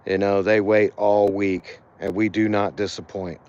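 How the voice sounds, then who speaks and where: Tired, halting man on a dull lo-fi stream. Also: lowish voice, flat delivery, darkish tone, smooth. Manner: halting, many fillers and restarts. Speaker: animal rescue volunteer. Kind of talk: casual livestream walkthrough. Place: outdoors by a cat shelter.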